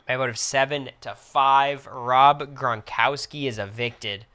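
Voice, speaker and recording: Young guy streaming, bright clear voice, quick reactive play-by-play. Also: mid-range voice, fairly even intonation. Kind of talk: casual live-stream commentary.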